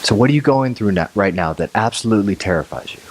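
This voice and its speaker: Male pastor, lowish voice, conversational sermon delivery that swings from animated to soft and slow. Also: husky. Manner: conversational, animated storytelling with laughs; slows and drops low and soft for reassuring lines.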